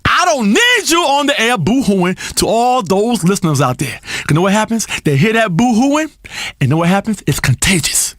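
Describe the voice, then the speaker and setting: An unhinged self-help doctor hosting a game's talk radio show, his voice pitched very high and bright as it swoops wildly across its range. He rants theatrically, crooning one moment and shouting the next. The sound is dry and close, with faint music underneath. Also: very animated, normal speed, dry recording. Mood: manic. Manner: theatrical, ranting, swings between crooning and shouting. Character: flamboyant erratic male radio health guru. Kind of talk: comedic radio show acting.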